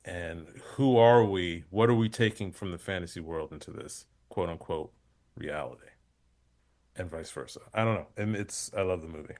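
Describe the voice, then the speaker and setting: A man appearing as a guest comedian on a podcast, telling stories in a rambling, animated way with many fillers. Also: low voice, normal speed. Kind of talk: casual chat.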